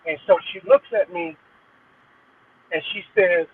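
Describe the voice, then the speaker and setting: A man's voice: high-pitched, sing-song, measured pace, vocal fry, slightly rough. A middle-aged man, a guest DJ, telling a personal story in an earnest, rambling way with frequent restarts. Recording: tinny phone line with faint noise.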